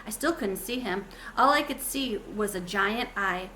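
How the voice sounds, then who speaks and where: A woman reading a children's chapter book aloud in an expressive, gentle way. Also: medium pitch, a little slow, a little hiss or hum. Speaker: storybook reader.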